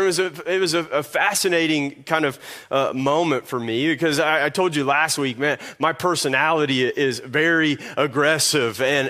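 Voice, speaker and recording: A man's voice: a little high, pushed and bright. A man with a Kentucky Southern accent preaching a sermon as pastor, telling stories animatedly with frequent restarts.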